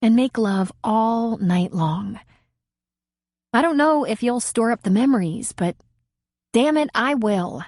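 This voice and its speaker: A woman's voice: a little high, lively intonation, slow pace, long pauses, a little mellow, dry recording, clean studio sound, voice pushed up, full character voice. A woman voicing an eager, wistful young woman in love in an audiobook.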